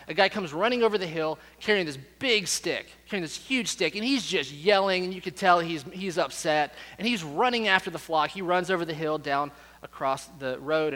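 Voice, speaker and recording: A man's voice: on the high side, bright, forceful tone. A man preaching a sermon to a church, telling stories in a conversational way and often repeating words as he goes. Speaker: pastor. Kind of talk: sermon with storytelling. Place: church sanctuary. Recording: reverberant hall.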